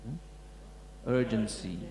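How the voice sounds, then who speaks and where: Man lecturing, thoughtful and halting, warm low tone, recorded in a reverberant hall with light hum. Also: gravelly. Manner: halting, many restarts and fillers, reflective. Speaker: museum curator giving a talk. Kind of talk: lecture talk to an audience. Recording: echoey hall with faint hum.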